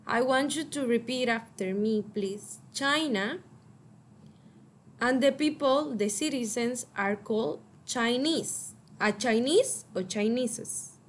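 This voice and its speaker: Slow, high-voiced Mexican teacher. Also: female voice, a bit bright. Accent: Mexican Spanish. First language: Spanish. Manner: slow, deliberate, repeats each word for pupils to echo. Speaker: English teacher. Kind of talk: online vocabulary lesson for children.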